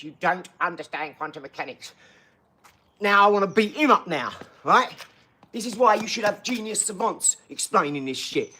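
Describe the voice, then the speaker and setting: A man's voice: a little high, bright, forceful tone, breathy edge. A man who is a father, rambling and boastful in casual live-stream chat, mixing in street slang. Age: adult father.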